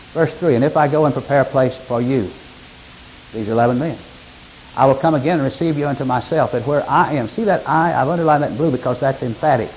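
A male preacher works through scripture in a sermon. His voice sits at a medium pitch, and he often climbs into sudden emphatic, louder peaks. A faint hiss runs under the recording. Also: poor audio.

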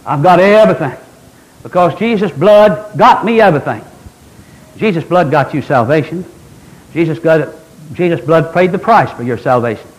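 A man's voice: a little high, animated, moderate pace, rough recording. A man preaching a fervent, emphatic Baptist sermon, now and then mimicking imagined objectors. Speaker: Baptist pastor.

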